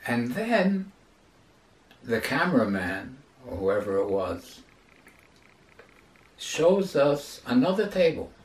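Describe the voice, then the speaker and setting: A rabbi lecturing, telling a story with dramatic emphasis. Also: male voice, mid-range voice, big pitch swings, slow, long pauses. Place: lecture hall. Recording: roomy lecture hall, distant mic.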